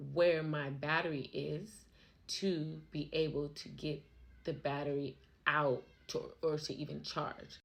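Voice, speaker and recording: An American woman vlogging, telling a personal story to camera in an emphatic, emotional way and repeating herself for stress. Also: sits low. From United States. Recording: noisy background.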